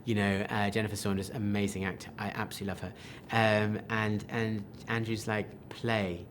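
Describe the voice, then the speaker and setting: A man, a film director, answering interview questions with enthusiastic, animated talk full of restarts and quoted asides. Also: fairly low pitch, a little fast, a little hiss or hum.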